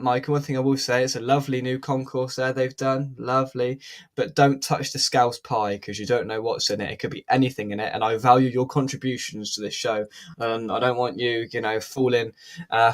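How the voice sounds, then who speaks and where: A man hosting a casual football fan chat, joking and laughing often. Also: mid-range voice. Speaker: podcast host.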